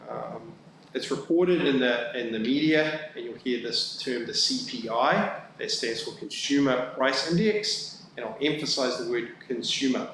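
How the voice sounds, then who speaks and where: Male staffer, mid-pitch, halting council presentation, booming chamber echo. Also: a bit bright. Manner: halting, many fillers and restarts. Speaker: town staff presenting budget. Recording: very echoey room, faint background noise.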